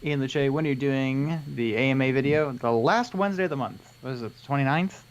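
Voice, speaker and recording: A man's voice: medium pitch, a little fast, dull audio. A man co-hosting a live miniature-painting stream, chatting casually, joking and reading out viewer questions. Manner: joking, teasing, reads viewer questions aloud. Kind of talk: casual chat.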